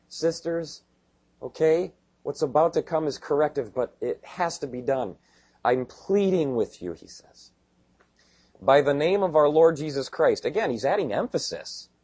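A male pastor preaching a sermon in a conversational way, dropping quiet and then rising to emphatic bursts. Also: mid-range voice, husky.

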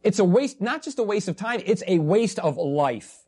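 A man's voice: high voice, sing-song, moderate pace, mellow, slightly rough. A man preaching a sermon earnestly and emphatically, repeating key phrases and slipping in humorous asides.

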